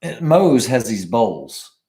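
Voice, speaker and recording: A man co-hosting a casual podcast chat, animated and reading viewer questions aloud. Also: medium pitch, slow. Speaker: podcast co-host. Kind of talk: casual chat about shooting.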